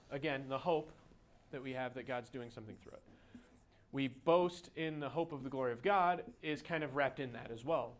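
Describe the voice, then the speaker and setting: A man leading a group Bible study, teaching in a relaxed, folksy way with everyday analogies. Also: medium pitch. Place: group room with a recording.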